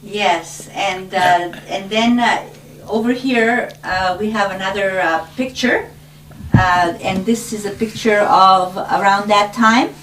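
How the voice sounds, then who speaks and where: A woman conducting an oral history interview, prompting her guest gently with short questions and fillers. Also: medium pitch, slow pace. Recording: roomy, distant mic with faint noise.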